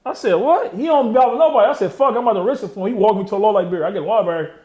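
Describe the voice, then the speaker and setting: With a high but darkish voice, this man in his thirties talks very fast during an interview, candidly sharing his own story in heavy slang and often trailing off. The audio is dull and the space sounds roomy.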